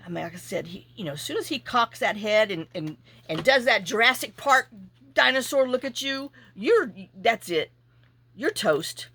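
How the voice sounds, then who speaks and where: A woman's voice: on the high side, lively intonation, moderate pace, a bit bright, husky. Woman rambling thru a story while she crafts, chatty, lots of asides. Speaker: junk journaling channel host. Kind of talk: casual chat while crafting.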